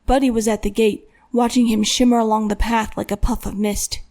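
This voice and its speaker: A woman reads a thriller audiobook in a steady, measured tone. Her voice sits a little higher than most women's. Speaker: audiobook narrator. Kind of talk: scripted narration.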